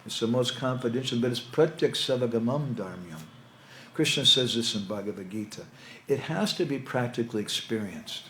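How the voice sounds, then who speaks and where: A man talks to a young audience about spiritual identity, loose and anecdotal, breaking off into stories and quick asides. His mid-pitched voice echoes around a roomy space, with a faint hum of ambience behind. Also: a bit bright. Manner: conversational, storytelling, with asides. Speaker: monk lecturer. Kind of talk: spiritual talk to youth.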